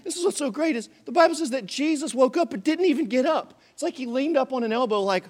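A pastor delivers a lively sermon in a strikingly high voice. He acts out the story with plenty of energy, and some lines burst into shouts. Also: quick pace.

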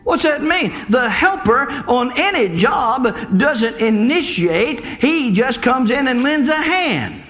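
A man with a very high voice preaches to his church with fervent, exhorting force. The sound is dull and lo-fi, like an old church service tape. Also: big pitch swings, takes it slowly, hardly any pauses. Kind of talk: sermon.

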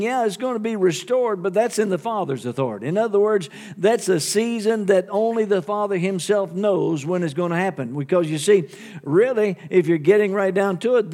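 A man's voice: high voice, a little mellow. A man preaching a sermon, reading scripture aloud and explaining it, often calling out amen and hallelujah to the congregation. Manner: reads scripture aloud and paraphrases it.

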